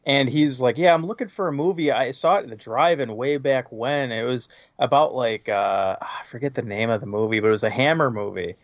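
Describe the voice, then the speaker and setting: A man's voice: medium pitch, moderate pace, hardly any pauses, no echo. Rambling man, dull dry lo-fi sound. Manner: rambling, unprepared, lots of fillers. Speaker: podcast co-host. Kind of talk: casual chat.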